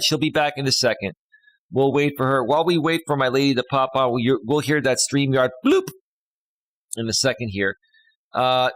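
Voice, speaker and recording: A man of middle pitch hosts a casual live stream from home, chatting and handing out relationship advice. His voice comes through a tuned studio mic with a dry, close sound and no room echo. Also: a bit bright. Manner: chatty, gives relationship advice, reads comments aloud. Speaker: life coach and live stream host. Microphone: studio microphone.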